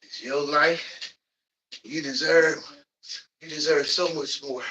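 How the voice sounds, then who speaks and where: A man huffs and puffs through a workout as he preaches encouragement, breaking into loud whoops between lines. His voice is bright and raised a touch higher than usual for a man. He sits at a distance from the microphone. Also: slow, long pauses. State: out of breath from exercising. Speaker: livestreamer leading a workout. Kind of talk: motivational workout talk. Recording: voice distant from the mic.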